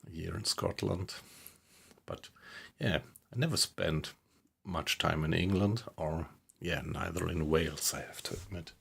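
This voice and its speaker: A man chatting casually with viewers while he plays a game live from his small home computer room, relaxed and unhurried. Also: deep voice, creaky, husky. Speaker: game streamer. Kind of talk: casual live-stream chat while playing.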